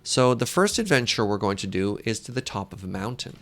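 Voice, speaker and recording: Gravelly-voiced man streaming with chat. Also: fairly low pitch, very animated, brisk, fairly bright tone. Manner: joking, self-deprecating, chats with viewers. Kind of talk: casual live-stream chat while gaming.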